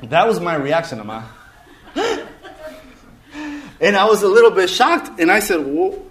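A man's voice: sits high, a little fast, a little hiss or hum. Chuckling man telling a story in a roomy space. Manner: animated, chuckling through his story. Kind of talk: casual anecdotal storytelling. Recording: roomy echo.

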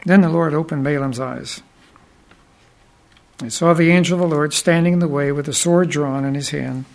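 A man with a fairly high voice preaches a sermon, retelling a Bible story. He talks deliberately and drifts into thoughtful asides. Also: vocal fry.

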